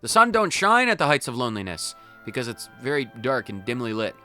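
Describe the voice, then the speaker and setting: Bright, lively man playing a game. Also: mid-range voice, brisk, faint music behind. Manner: excitable, rambling, playful. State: hopped up on caffeine. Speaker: let's play host. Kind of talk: gameplay commentary.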